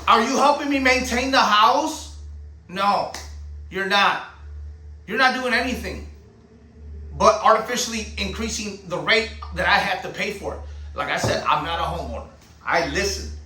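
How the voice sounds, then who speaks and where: A man's voice: high-pitched, moderate pace, pauses often, sharp tone, reverberant, distant mic, rough recording. A man, a channel host and veteran, delivering a heated, profane monologue full of rhetorical questions. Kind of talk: ranting monologue.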